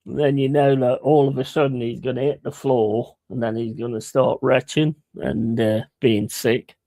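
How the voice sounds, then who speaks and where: A man's voice: medium pitch, flat delivery, moderate pace, dark tone, no echo. A man chatting casually on a live stream, rambling and swearing between chuckles.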